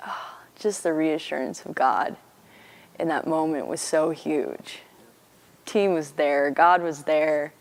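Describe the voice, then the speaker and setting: A young university student from Missouri giving an earnest, chatty personal faith testimony. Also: female voice, low voice, gravelly. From Missouri, USA. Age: young adult.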